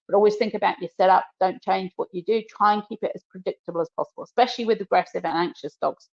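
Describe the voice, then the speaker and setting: A woman's voice: mid-range voice, fast, darkish tone. Woman dog trainer, lo-fi webinar audio. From New Zealand. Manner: practical, direct coaching with a working dog.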